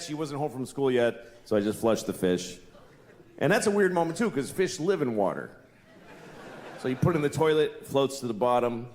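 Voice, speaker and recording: A man in his forties doing a stand-up comedy set, deadpan and exasperated, who jumps into loud squeaky put-on voices. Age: 40s. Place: large comedy venue, audience laughing. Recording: echoey live venue with noise.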